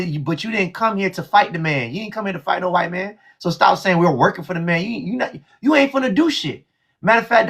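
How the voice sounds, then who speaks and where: Gravelly, husky-voiced man arguing bluntly. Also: sits high, bright, forceful tone. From United States. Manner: blunt and emphatic, with profanity. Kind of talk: heated live discussion.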